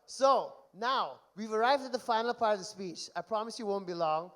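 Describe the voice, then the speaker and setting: A young man giving a best man speech at a wedding reception, telling stories and reading texts aloud in an animated way. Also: sits high, normal speed. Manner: animated storytelling, mock-reads texts aloud.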